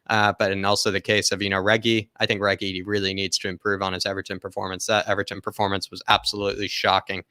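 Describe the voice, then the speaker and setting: A man's voice: fairly low pitch, bright, forceful tone, smooth, dry recording, clean studio sound. A man hosting a football live stream, reading viewer comments and rambling casually with fillers and laughs. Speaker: football channel host.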